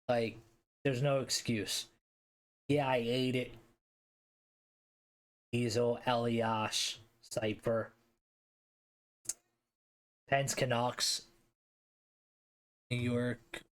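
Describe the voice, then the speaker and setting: Speaking at an ordinary middle pitch, a streamer from the Philadelphia area ranks hockey league teams in relaxed, slangy live-stream talk. He swears here and there and responds to his chat as he goes.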